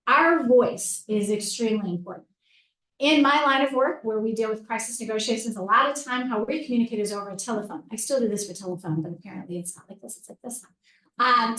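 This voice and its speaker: A woman's voice: a little high, distant mic. Woman lecturer in an echoey room. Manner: practical and direct, addresses audience as "you guys". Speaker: crisis negotiator giving a legal training talk. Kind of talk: instructive presentation talk. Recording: roomy echo, voice from off-mic.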